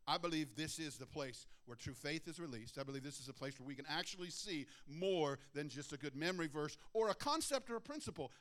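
A middle-aged man preaching a sermon, moving between hushed, earnest prayer and emphatic exhortation. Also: high voice.

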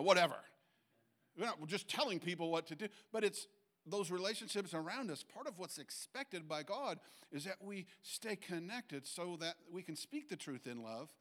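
A middle-aged man delivers a sermon as if he were chatting with the room. His voice sits somewhat high for a man. He restarts his sentences often and acts out little quotes to make his points. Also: fairly bright tone. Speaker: pastor.

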